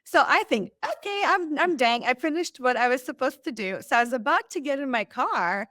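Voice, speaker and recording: A woman guest on a podcast, telling a personal story with lively acted-out quotes. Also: sits high, a little fast. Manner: animated, acts out quoted lines. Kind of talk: storytelling in an interview.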